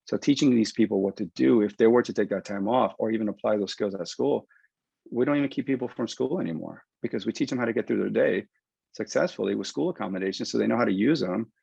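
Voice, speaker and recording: A man working as a concussion rehab clinician, giving an animated explanatory webinar talk over a video call. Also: fairly low pitch, quick pace, creaky, husky, no echo. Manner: animated, explanatory, acts out patient quotes. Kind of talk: webinar presentation. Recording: dull lo-fi dry webinar audio.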